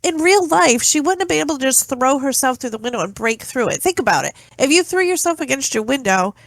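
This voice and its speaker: High, expressive woman co-host. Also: fairly quick, no room sound. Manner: expressive, full of "like", laughing. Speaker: podcast co-host. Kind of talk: casual chat.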